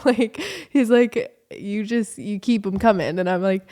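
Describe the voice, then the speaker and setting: A young woman from California, telling a rambling story in a casual vlog, animated and full of fillers. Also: medium pitch, a little slow, hardly any pauses. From Southern California. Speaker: vlogger.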